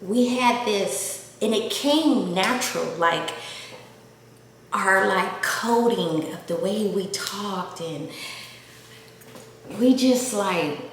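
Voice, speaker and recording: A woman's voice: medium pitch, slow pace, pauses often. Vlogger, woman, 30s, Southern-Valley accent mix, rambling filler-heavy delivery, very echoey room. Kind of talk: casual confessional storytelling. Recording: very echoey room with faint hiss.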